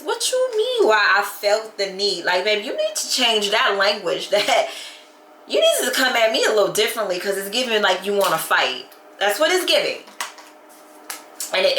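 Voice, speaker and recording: Woman, vlog chat, animated venting, bright tone, echoey room, faint noise. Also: fairly high pitch, a little slow. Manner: animated, venting with lots of "baby" and "like". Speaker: vlogger. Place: at home.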